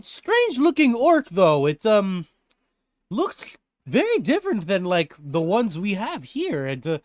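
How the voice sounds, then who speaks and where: A man's voice: high-pitched, wildly swooping pitch, takes it slowly, no room sound, pitched above the performer's own voice, full character voice. A man voicing a giant woman blacksmith with a thick Russian accent, an eager merchant who repeats herself.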